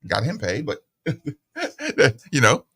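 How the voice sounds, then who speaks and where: Animated middle-aged man hosting sports radio. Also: medium pitch, very slow, breathy edge. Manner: animated storyteller, acts out quoted voices. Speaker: radio show host. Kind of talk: casual sports radio chat.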